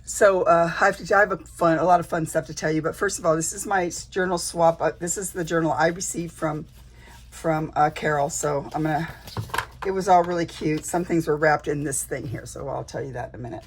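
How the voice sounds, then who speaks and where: A woman with a lowish, husky voice talks to her camera at home in a loose, rambling way. She keeps restarting her sentences and reaching for fillers as she shows off crafts. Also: fairly even intonation, brisk. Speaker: junk journal vlogger. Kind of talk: casual show-and-tell chat.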